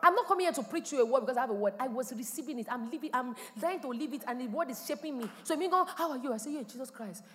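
A woman pastor, preaching a sermon with animated delivery and sudden loud exclamations. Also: sits high, very fast, hardly any pauses, big-room sound. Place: church hall.

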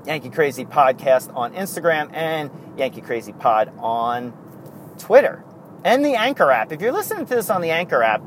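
A man with a medium-pitched voice runs an informal solo podcast, drifting through stories while laughing softly and correcting himself. Slight background noise can be heard.

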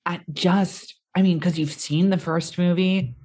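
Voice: medium pitch, a little slow, husky. Rambling, chatty podcast co-host. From America. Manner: rambling, full of "like", animated quoting. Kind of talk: casual chat about a film.

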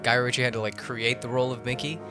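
A man's voice: mid-range voice, level tone, fast talker, music in the background. A man hosting a casual podcast chat about films, rambling through tangents and laughing often. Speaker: podcast host. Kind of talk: casual movie-discussion chat.

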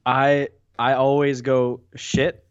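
A man chatting as a podcast guest, relaxed and teasing. His voice comes through a dry, slightly dull lo-fi line, as over a video call. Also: medium pitch, takes it slowly, clean tone, no room sound. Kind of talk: casual chat.

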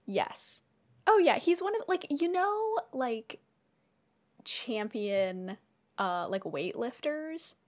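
A woman's voice: high voice, sing-song, takes it slowly. A woman talking as a podcast guest in a casual brainstorming chat, rambling and full of filler words.

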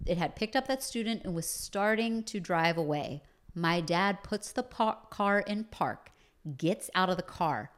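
A woman casually telling a personal story, chatty and full of fillers like "you know". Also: lowish voice.

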